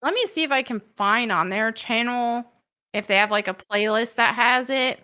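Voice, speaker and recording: A woman's voice: a little high, normal speed, sharp tone, clear, resonant tone. A woman hosting a live stream, chatting casually and laughing often.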